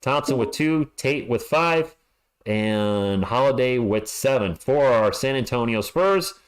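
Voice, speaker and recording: A frustrated man calls the game for his fan stream, swinging between flat stat-reading and sharp exasperated outbursts. His voice sits mid-range for a man, and he trips over his words when worked up. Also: mid-range voice, slow pace, clean tone. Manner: exasperated, ranting, stammers when upset. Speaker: fan livestream host giving play-by-play. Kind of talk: fan play-by-play commentary.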